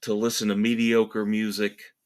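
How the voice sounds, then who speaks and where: A man's voice: fairly low pitch, monotone, moderate pace. A man hosting a music podcast, ranting in a sarcastic, exasperated and emphatic way. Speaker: podcast host. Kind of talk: opinionated solo rant.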